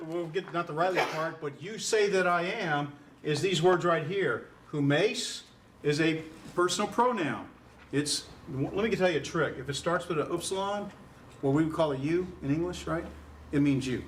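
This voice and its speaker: Heard through a distant mic with a little background noise, this Greek instructor has a slightly high, fairly bright voice. He explains things loosely, leaning on lots of fillers and regularly putting questions to the class.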